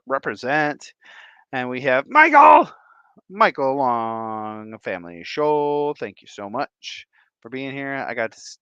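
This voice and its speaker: Goofy michigan guy doing stream shoutouts, voice all over the place, kinda muffled lo-fi audio. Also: mid-range voice, clear, resonant tone, dry recording. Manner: playful and goofy, drawn-out silly repetitions. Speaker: livestream host. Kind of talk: casual livestream shout-outs.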